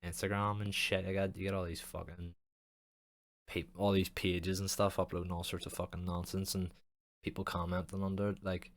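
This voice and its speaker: A man's voice: deep voice, flat delivery, normal speed. A young man hosting a casual podcast, rambling loosely and swearing heavily with a jokey tone. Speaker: podcast host and streamer.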